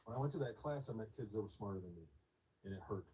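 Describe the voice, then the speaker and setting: A man in his fifties telling a personal story in an interview, soft, reflective and a little hesitant. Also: lowish voice, animated, quick pace, recorded from a distance, low-quality recording.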